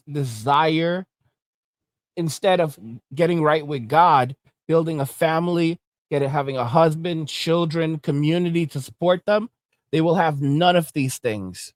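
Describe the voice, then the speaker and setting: The host of an online commentary show rants and preaches, lecturing with a mocking edge in a voice that sits a little high for a man. The recording is close and dry, with no room sound.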